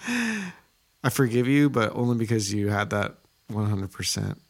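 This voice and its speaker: A man's voice: lowish voice, very animated, measured pace. A man co-hosting a podcast in casual chat, teasing his partner with dry banter. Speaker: podcast co-host.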